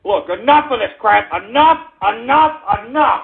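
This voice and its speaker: A man hosting an internet radio talk show, ranting and cursing at trolls and breaking into shouts. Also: very high-pitched, expressive, measured pace, vocal fry, few pauses, slightly rough. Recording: tinny phone-like lo-fi audio.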